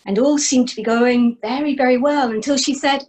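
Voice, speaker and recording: A woman storyteller telling a traditional tale for families, expressive and inviting the listeners to join in with animal sounds. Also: high-pitched, moderate pace, hardly any pauses, poor audio.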